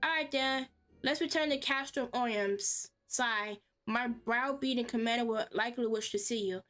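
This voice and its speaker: A woman voicing a proud young female officer, speaking in a brisk, formal way. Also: a little high, a bit bright, faint music behind, close to an everyday voice.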